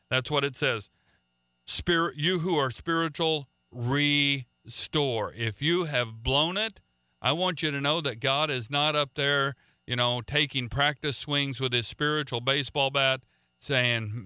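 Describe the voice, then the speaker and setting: Earnest radio preacher man, crisp voice. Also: medium pitch, unhurried, sharp tone, no room sound. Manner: earnest, repeats words and restarts often. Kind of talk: radio sermon.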